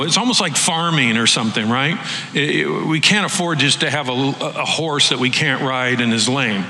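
A man preaching a sermon, animated, acting out the voices he quotes. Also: mid-range voice, echoey room, big-room sound, poor audio. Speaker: pastor.

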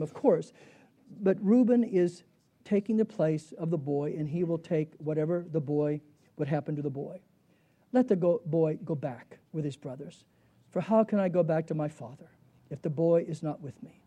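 Man, sermon, high-pitched, very mellow dark tone, rhetorical questions. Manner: animated, chuckling storyteller. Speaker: Bible teacher.

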